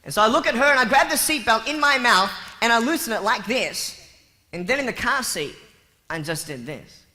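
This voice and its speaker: A man joking and telling stories to a live audience in a playful, animated way. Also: extremely high pitch, a little fast. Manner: playful, jokey, animated storytelling. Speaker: motivational speaker. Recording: long hall reverb with faint noise.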